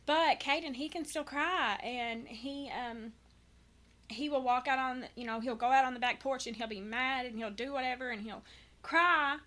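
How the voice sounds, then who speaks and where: Bright and forceful, her high voice moves at a normal speed as this thirtysomething guest talks openly about parenting. It's a candid, earnest conversation, marked by frequent false starts and restarts.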